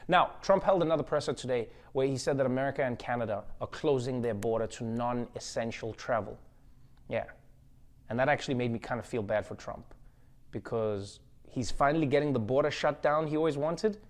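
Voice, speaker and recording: A man hosting a comedy show from home, delivering a casual, playful monologue with sudden loud jumps. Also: medium pitch, a little fast. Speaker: late-night comedy host.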